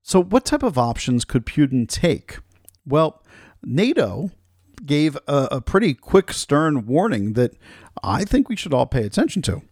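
A man's voice: a little high, sing-song, measured pace, darkish tone, no echo. Male host, loose chatty commentary, dry unroomy mic. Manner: casual, chatty, with fillers. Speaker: podcast host.

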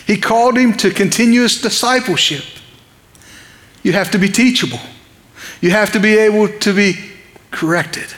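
A man's voice: sits high, fairly bright tone, big-room sound. A man preaching an evening sermon in a conversational, impassioned way, asking his listeners questions.

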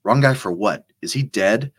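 A man's voice: low voice, animated, fairly quick, a bit bright. A man voicing a nervous, nerdy male intelligence analyst who asks flustered, disbelieving questions. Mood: pressing.

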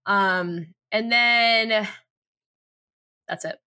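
A woman's voice: medium pitch, very slow, sharp tone, clean tone. A woman co-hosting a casual chat, recapping a TV episode with lots of fillers and laughter. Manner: giggly, rambling with lots of fillers. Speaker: podcast co-host recapping a TV show.

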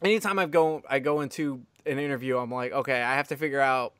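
A man hosts a casual podcast in a middle-pitched voice that sounds smooth and clear. He rambles with enthusiasm and swears freely. His sound is close and dry. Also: fairly even intonation, quick pace, a bit bright, no room sound. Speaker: podcast host.

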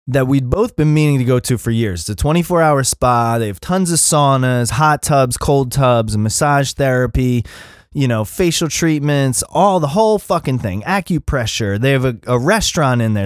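A man's voice: medium pitch, no room sound, clean studio sound. Profane, ranting male podcast host. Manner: profane, animated storytelling with mimicked voices. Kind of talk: casual solo rant.

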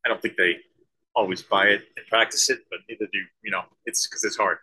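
Husky bright-toned former soldier guest. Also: male voice, on the low side, steady tone, rough recording. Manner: thoughtful, halting with many restarts and fillers. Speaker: interview guest, former Navy SEAL, leadership consultant. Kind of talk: conversational interview.

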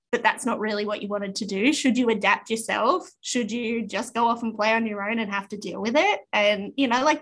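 An Australian woman in her thirties chats on a podcast in a fairly high voice. She tells stories with animation and jumps into her children's whiny voices as she goes. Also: brisk, few pauses, fairly bright tone. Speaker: podcast co-host. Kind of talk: casual chat.

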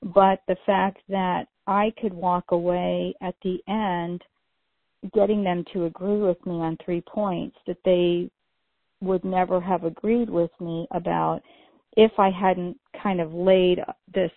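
A middle-aged woman co-hosts a casual podcast conversation, telling stories chattily with lots of "you know" fillers. Her fairly low voice is slow and fairly even, and the recording is dry and narrow like a phone, with no room sound.

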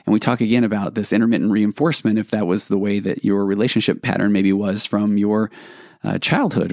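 A male podcast host with a fairly low voice tells a personal story in a reflective way. He wanders and restarts his sentences as he goes. The sound is dry and close, with no room echo. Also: a little mellow. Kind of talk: storytelling monologue.

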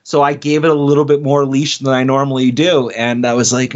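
A man's voice: medium pitch, level tone, a little fast. A man co-hosting a wrestling podcast in casual chat, telling rambling stories and laughing between his points. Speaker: podcast co-host.

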